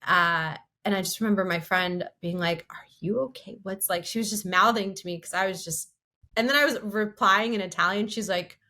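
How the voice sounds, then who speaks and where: Woman, podcast co-host, casual chat, candid animated storytelling, mid-pitched voice. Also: fairly quick.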